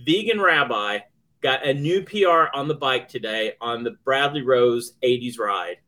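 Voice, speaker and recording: A man's voice: mid-range voice, lively intonation, sharp tone. Joking, rambling man on a podcast. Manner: chatty, rambling, quick to joke. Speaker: podcast co-host. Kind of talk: casual chat.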